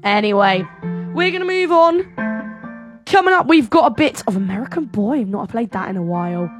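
Lively, bubbly woman radio host. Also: mid-range voice, fast talker, over music. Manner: bubbly, teasing, upbeat presenter patter. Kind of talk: breakfast radio chat.

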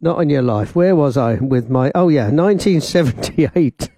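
Telling a casual, rambling anecdote on his radio show, this man laughs and quotes others' voices while speaking into a studio microphone with headphones. His warm, fairly high voice moves at normal speed with lively intonation, over a little hiss or hum.

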